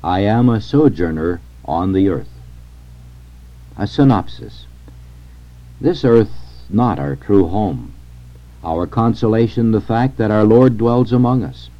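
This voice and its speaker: A man reading a sermon aloud in a solemn, measured way. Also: lowish voice. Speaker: reader of a sermon. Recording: dull lo-fi recording.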